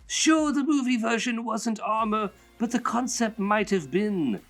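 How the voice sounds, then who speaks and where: A raised, theatrical Joker voice, as a man puts it on for reading a fan letter. It rises and falls in a sing-song, playful way, swooping widely across its range. The voice sits clearly higher than the man's usual talk. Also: animated, measured pace, fairly bright tone, soft background music, heavily acted. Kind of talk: reading a listener letter aloud.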